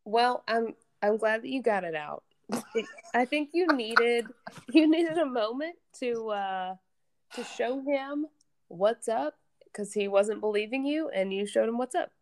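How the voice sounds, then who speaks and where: A woman co-hosting a casual chat, calm and measured, reading reviews aloud. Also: a little high. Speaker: podcast co-host.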